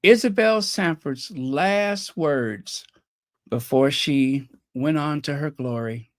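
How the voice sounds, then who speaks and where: This casual livestream features a host who teases viewers, gossips, trails off looking for names, and laughs at their own jokes. Their mid-range voice takes things slowly, and the sound is dry and clean, like a studio.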